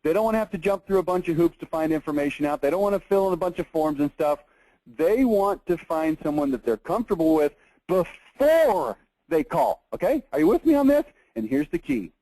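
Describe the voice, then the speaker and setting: A man giving a lively marketing seminar lecture, emphatic and animated, often checking in with "okay?". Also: on the high side, dry recording, rough recording.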